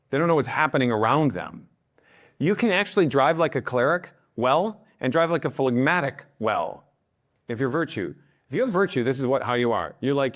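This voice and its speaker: A man giving a talk to an audience who acts out other people's voices and often checks in by asking "okay?". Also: mid-range voice. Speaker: speaker on influence and leadership. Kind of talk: lively talk to a live audience.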